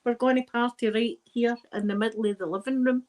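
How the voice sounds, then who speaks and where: Chatty Scottish woman, higher voice. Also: fairly quick, low-quality recording. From Scotland. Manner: chatty, rambling, lively asides to viewers. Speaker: live-stream host. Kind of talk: casual live-stream chat.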